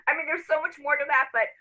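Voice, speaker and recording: Among friends, a middle-aged woman casually tells a story, laughing and acting out the quotes with animation. Her voice sits high, and the audio quality is poor.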